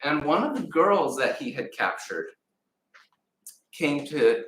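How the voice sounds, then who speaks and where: A man preaching a sermon in a church, retelling a story with lively acted-out voices. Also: on the high side, slow pace. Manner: animated storyteller acting out voices. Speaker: pastor. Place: church sanctuary. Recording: echoey room, mic at a distance.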